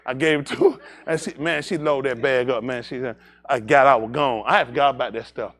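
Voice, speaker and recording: A man's voice: mid-range voice, brisk, a bit bright. A man telling an anecdote to a congregation and drawing a moral from it. He keeps repeating "I said", laughs through the telling, and turns to blunt warnings for young listeners. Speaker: speaker at a livestreamed congregation.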